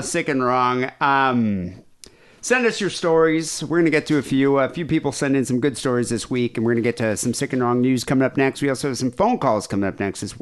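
A man hosting a comedy podcast in casual banter, jumping between high excited bursts and low mutters. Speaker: podcast host.

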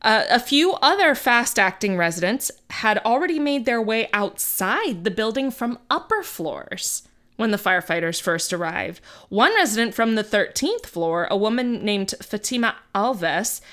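Bright, lively woman podcast host. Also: fairly high pitch, normal speed. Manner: conversational, acts out quotes with lively asides. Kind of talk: casual podcast storytelling.

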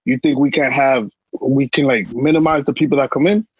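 A man's voice: medium pitch, steady tone, a little fast, husky, lo-fi sound. A young man, telling a long personal story on a podcast in emphatic street slang. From New York. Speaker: podcast co-host. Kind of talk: casual storytelling chat.

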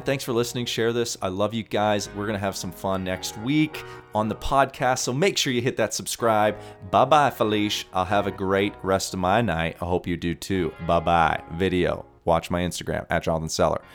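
Deep-voiced male podcast host, excitable pitchman energy, mutters asides. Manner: excitable and salesy, drops to mumbled asides. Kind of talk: energetic solo podcast monologue.

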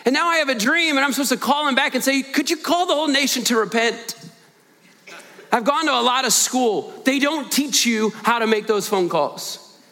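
High, bright-voiced man preaching in a reverberant hall. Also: brisk. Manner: earnest, animated, with joking asides to the congregation. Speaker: guest preacher. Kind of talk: storytelling sermon. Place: church sanctuary.

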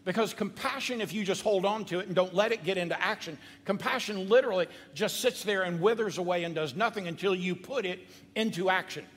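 A male pastor preaching a sermon in an animated, conversational way, with asides to the congregation. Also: high voice, fairly quick. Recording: long hall reverb.

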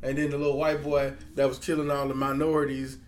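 A man's voice: mid-range voice, flat delivery, fast talker. Guy cussing and rambling in a loose chat, faint hiss behind, echoey room. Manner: blunt, profane, rambling with restarts. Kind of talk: casual chat. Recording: roomy echo, faint background noise.

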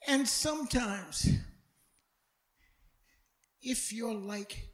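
A man preaching a sermon as pastor, dramatic, swinging from loud shouts to hushed tones and stumbling over repeated words. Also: high-pitched, animated, a little slow, long pauses, reverberant.

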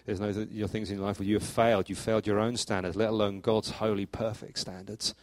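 A middle-aged man preaching a sermon as church leader, telling stories in a lively way with sudden rises in pitch and loudness. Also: a little fast, no room sound. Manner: animated storytelling, acts out anecdotes with jumps in pitch and volume. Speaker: pastor.

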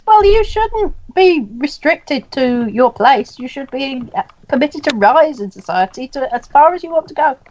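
A woman's voice: sits high, lively intonation, normal speed, few pauses, darkish tone. A woman playing a tabletop game in character, earnest and formal in how she speaks. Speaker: player. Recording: dull lo-fi mic, faint hiss.

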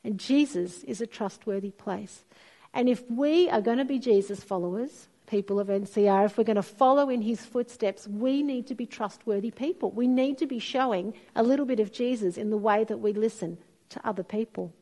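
A woman's voice: on the high side, normal speed. A middle-aged woman, preaching a sermon and telling stories expressively. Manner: storytelling, expressive, acts out quoted voices.

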